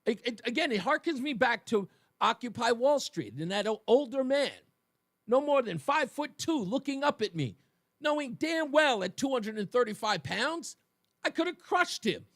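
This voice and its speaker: A man's voice: very high-pitched, moderate pace, no echo, studio quality. A man hosting a talk radio show, delivering an emphatic monologue and speaking straight to his listeners. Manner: emphatic, animated, addresses listeners directly.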